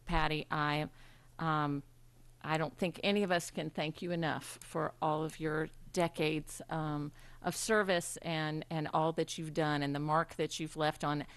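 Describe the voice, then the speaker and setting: Woman leading a school board meeting, lowish voice, lots of ums as she pays tribute. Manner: warm halting delivery with frequent ums. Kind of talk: formal tribute speech. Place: public meeting room.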